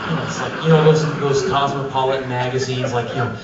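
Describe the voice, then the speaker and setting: A man telling profane, animated stories at a live spoken-word show, recorded from a distance in an echoey, dull-sounding venue. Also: medium pitch, fast talker, crowd noise. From United States. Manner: animated, profane, acts out quotes. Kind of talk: live comic storytelling.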